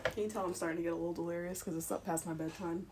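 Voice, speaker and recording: A woman's voice: lowish voice, steady tone, very fast, a little mellow. A young woman streaming live as she sews, chatting and giggling and muttering to herself as she works. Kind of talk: live-stream chat while sewing.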